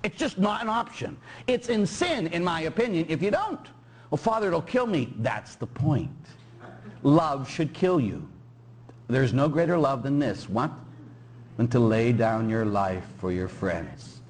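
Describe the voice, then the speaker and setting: A man's voice: medium pitch, expressive, measured pace. A middle-aged man from Pittsburgh, a Catholic priest preaching a sermon and joking with his congregation.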